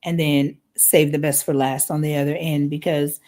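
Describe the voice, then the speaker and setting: A woman's voice: low-pitched, little pitch movement, moderate pace, warm tone. A woman hosting a live parenting podcast from the United States, talking conversationally and often checking in with "right?". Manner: conversational, frequent "right?" tag questions.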